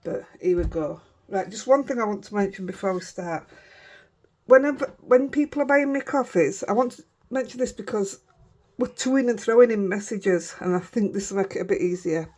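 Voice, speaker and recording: A woman's voice: mid-range voice, moderate pace, darkish tone. Yorkshire woman, craft vlogger, casual rambling chat, breaks off and restarts often. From Yorkshire, England. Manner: chatty, rambling, self-interrupting.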